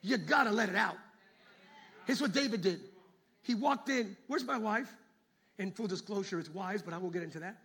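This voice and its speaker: A man preaching a sermon as pastor, swinging between shouted exhortation and hushed asides. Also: sits high, a little fast, breathy edge.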